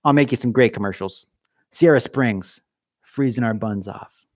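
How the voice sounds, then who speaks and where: A man's voice: medium pitch, moderate pace, no echo. Rambling, jokey male livestreamer in a dry garage. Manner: rambling, jokey, self-mocking. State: cold. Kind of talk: casual livestream chat. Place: home garage.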